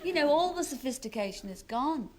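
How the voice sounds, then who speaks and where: A woman's voice: sits high, lively intonation, brisk. A woman in her thirties with a Scouse accent, a chatty chat show guest who laughs often and pokes fun at herself. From Liverpool, England. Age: 30s. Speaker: celebrity guest.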